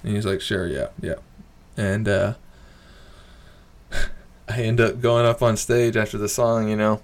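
Unhurried and fairly low in pitch, an amateur stand-up comic rambles his way through a story set at a bar. Expect frequent swearing, a stream of "like" and "you know," and animated laughter as he recounts it.

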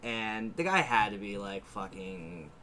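A man's voice: lowish voice, unhurried, bright, forceful tone, a little hiss or hum. A man telling rambling crude stories in casual podcast chat.

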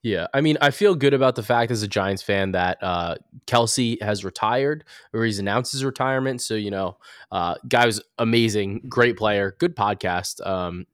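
Man, podcast host, low voice, casual rambling talk, dry sound. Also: moderate pace, clean tone, no room sound. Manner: loose, rambling, self-correcting. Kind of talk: casual sports betting chat.

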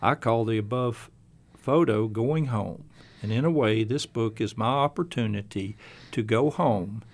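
A man's voice: medium pitch, unhurried. A man hosting a casual conversation show, talking in a rambling, anecdotal, friendly way. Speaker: host. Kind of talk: casual chat.

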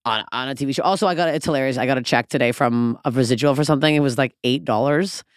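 A woman comedian chatting on a podcast, animated and swearing freely as she acts out quotes. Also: extremely low pitch, fast, clear, resonant tone, no echo, clean studio sound. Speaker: comedian guest. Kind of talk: casual podcast chat.

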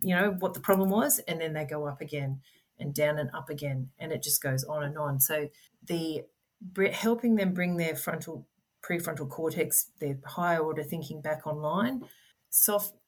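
Low-voiced earnest middle-aged woman. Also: moderate pace. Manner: earnest, explanatory, gentle. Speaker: podcast guest, parent advocate. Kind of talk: conversational interview.

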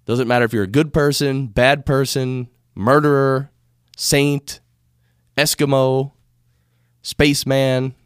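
An American podcast host talks slowly about spirituality, rambling casually and correcting himself. His medium-pitched voice is clear and resonant with a level tone, and the studio microphone gives clean sound with no room sound.

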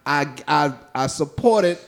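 A man's voice: fairly high pitch, slow, a loud crowd. A man telling a crude comic story on a podcast, acting out the people in it with lots of slang. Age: adult, calls himself old now. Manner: animated storyteller, crude slang, acts out voices.

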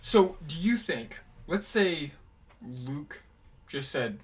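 A young man in casual chat, animated and reactive, quick to laugh and jump in. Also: fairly high pitch, a little hiss or hum. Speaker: co-host.

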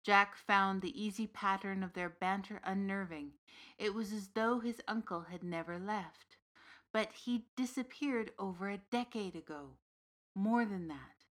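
A woman narrating a fantasy story in a measured, scripted way. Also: mid-range voice, a bit bright.

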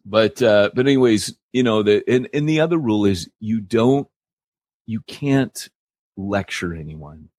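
Man, deep and a bit husky, chatty frank podcast host, dry recording. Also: expressive, measured pace, a little mellow, dry recording. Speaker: church planting podcast host. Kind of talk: candid podcast conversation.

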